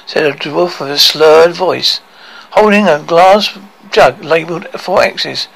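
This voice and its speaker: Man reading a funny storybook aloud, pretty high voice, lively, gravelly edge. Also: slow, poor audio. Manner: animated, expressive reading with occasional stumbles. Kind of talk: storybook read-aloud narration.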